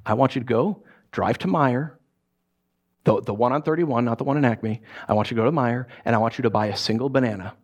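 A man, a pastor, preaching a sermon, reading scripture and acting out lively asides. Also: mid-range voice, fast talker. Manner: animated, acts out voices and asides.

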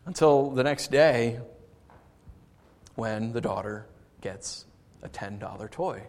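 A man preaching a sermon as pastor, shifting into lively storytelling and asking his congregation for responses. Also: mid-range voice, takes it slowly. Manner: conversational preaching with lively storytelling and audience asides. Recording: long reverb of a large hall.

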